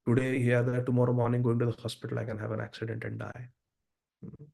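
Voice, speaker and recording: Earnest male teacher, mid-pitched voice with a gravelly texture, lecturing to a devotional class. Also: level tone, quick pace, warm tone. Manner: earnest, addresses listeners directly. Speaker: Bhagavatam class speaker.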